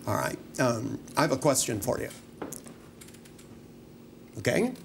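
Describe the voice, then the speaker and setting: Gravelly older man leading a hypnosis demo. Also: medium pitch, animated, noisy background. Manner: joking and teasing between slow soft trance suggestions. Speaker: hypnotist leading a training seminar. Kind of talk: live hypnosis demonstration. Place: seminar room with participants.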